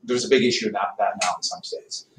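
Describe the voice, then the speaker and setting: A man's voice: lowish voice, fairly even intonation, quick pace, fairly bright tone. A male history teacher lecturing a class in a chatty, teasing way. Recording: echoey classroom from far off, faint noise.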